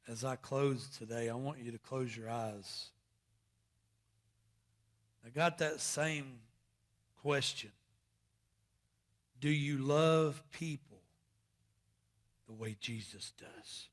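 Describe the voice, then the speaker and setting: A man's voice: mid-range voice, slow, long pauses. A man preaching a sermon in a plainspoken, folksy storytelling manner. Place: church service.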